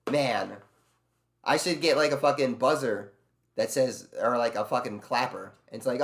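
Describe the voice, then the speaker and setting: A man's voice: mid-range voice, animated, normal speed, fairly bright tone. A man streaming live, ranting in casual chat with lots of swearing and sarcasm while answering his chat. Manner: ranting, profane, sarcastic storytelling; reads and answers chat messages aloud.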